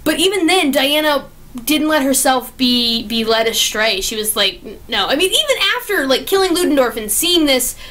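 A young woman talks through a movie review in a high, bright voice. She gushes and gets excited, often restarting her sentences as her thoughts run ahead of her words. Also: normal speed. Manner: gushing and excitable, with many restarts. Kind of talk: casual spoken movie review.

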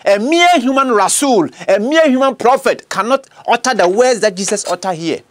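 A man with a Ghanaian accent gives a bilingual teaching sermon, slow and deliberate, stressing points with rhetorical questions. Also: very high-pitched, animated. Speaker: preacher and apologist.

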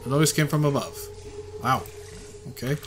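A man's voice: mid-range voice, expressive, normal speed, over music. A man playing through a game and reading its text aloud, chatting casually and muttering, at times breaking into exasperated rants. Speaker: gaming video host.

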